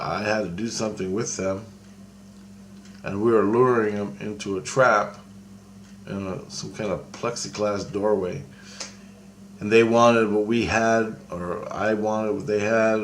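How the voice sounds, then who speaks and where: A man's voice: lowish voice, steady tone, measured pace, gravelly, long pauses, slight background noise. A man telling a long rambling story in casual talk, often restarting and acting out both sides of a conversation. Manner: rambling, with many restarts and quoted dialogue.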